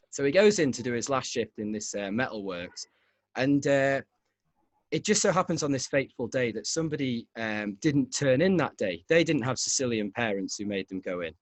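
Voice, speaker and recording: A man's voice: medium pitch, expressive, normal speed, no echo. A man hosting a podcast, telling a rambling story in casual chat, often laughing. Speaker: podcast host.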